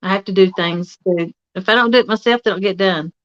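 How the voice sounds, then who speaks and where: A woman's voice: mid-range voice, a little fast, lo-fi sound. A woman chatting frankly on a livestream, laughing a lot. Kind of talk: casual livestream chat.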